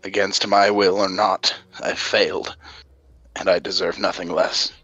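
A man's voice: low-pitched, level tone, unhurried, bright, forceful tone, breathy edge, no echo, muffled recording, heavily acted. A man voicing a male guard who has failed his king and now speaks in a shaky, contrite way. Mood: remorseful.

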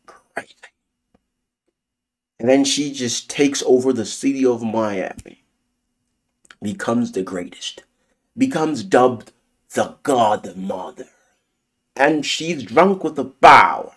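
A man's voice: medium pitch, a little mellow. A man giving a casual, theatrical spoiler review of a series, swearing freely as he talks.

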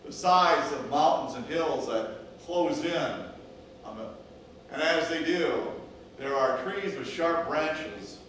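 A male pastor preaches a sermon at a slow, deliberate pace and strings words into rhythmic lists. His voice echoes heavily through the church sanctuary. The microphone sits some distance from him. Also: medium pitch, fairly bright tone, a little hiss or hum.

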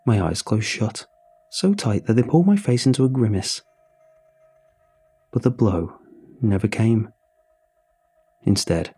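Low, husky man reading a horror story. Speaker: narrator. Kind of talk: scripted horror story narration. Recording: soft music underneath.

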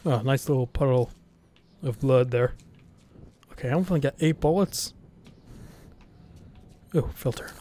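Speaking at medium pitch with a dark tone, this let's play gamer goes a little slowly and leaves long pauses. He narrates his own gameplay live and casually, muttering nervously to himself, cursing frequently and reacting out loud to what happens.

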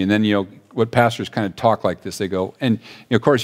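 A man's voice: mid-range voice, moderate pace. A man with an Upper Midwest American accent, a church pastor giving a conversational sermon, full of restarts and fillers as he tells stories. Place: church sanctuary.

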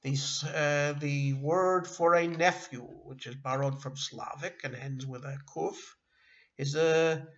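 A middle-aged man teaching a beginner language lesson online, halting often with fillers and restarting words. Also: a little high, fairly even intonation, muffled recording. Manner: halting, with frequent uh and self-corrections. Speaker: Yiddish teacher.

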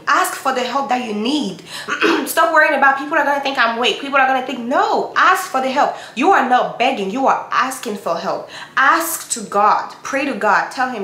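A woman's voice: fairly high pitch, expressive, normal speed, sharp tone, reverberant. A woman giving a motivational Bible talk to her viewers, urging and repeating herself like a preacher. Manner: emphatic and repetitive, preacher-like exhortation. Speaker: Christian YouTuber giving encouragement.

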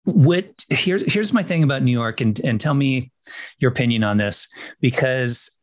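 A man's voice: mid-range voice, moderate pace. Chatty male podcast host. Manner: chatty, rambling questions with restarts. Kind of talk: casual interview.

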